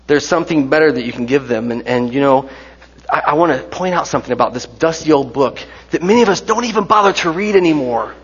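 In a church sanctuary, a fortysomething pastor delivers a conversational sermon full of jokes on the side and rhetorical questions. He talks fast in a fairly high, expressive voice with a breathy edge, and the recording is dull and carries a long hall reverb.

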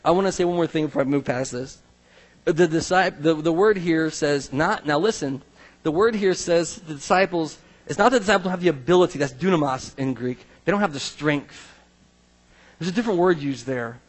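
A male pastor preaching a sermon to a church, animated, acting out the Bible's voices. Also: on the high side, fairly quick. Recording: long reverb of a large hall.

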